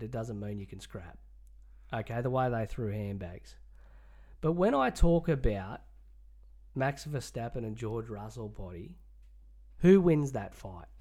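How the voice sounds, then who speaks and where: An Australian man co-hosting a casual sports podcast, animated and jokey, calling his mate "mate" a lot. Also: medium pitch. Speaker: podcast co-host.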